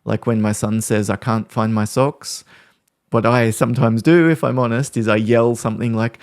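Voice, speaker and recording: A man hosting a podcast, calmly explaining ways to handle conflict with examples from family life. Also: medium pitch, normal speed, no room sound, studio quality. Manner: calm, explanatory, talks through examples. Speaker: podcast host. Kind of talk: podcast talk on parenting conflict.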